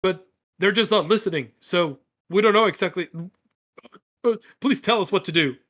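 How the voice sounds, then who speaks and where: A man's voice: high voice, moderate pace, fairly bright tone, voice pushed up. A man voicing a nervous winged male kobold who stammers and fawns. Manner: stammering, fawning.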